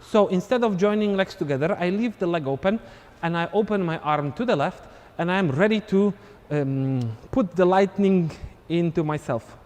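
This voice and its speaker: A man's voice: high-pitched, animated, moderate pace, hardly any pauses, darkish tone, long reverb tail. A man teaching a live online dance class, counting beats and scatting the steps aloud as he demonstrates. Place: dance studio.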